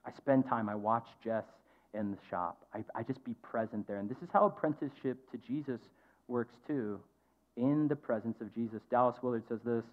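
A man's voice: mid-range voice, brisk. A pastor in his thirties giving a conversational, earnest sermon to his church. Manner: conversational, earnest storytelling with filler ums. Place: church stage. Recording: tinny phone-like sound.

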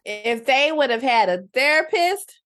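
A woman's voice: high-pitched, expressive, measured pace, fairly bright tone. A woman co-hosting a podcast, dropping dry, wry remarks into a casual recap chat. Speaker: podcast co-host.

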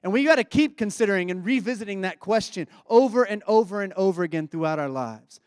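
A man's voice: high voice, expressive, fast talker, darkish tone, smooth, dry recording, studio quality. A man preaching a sermon in a conversational, reflective way, often asking his listeners questions.

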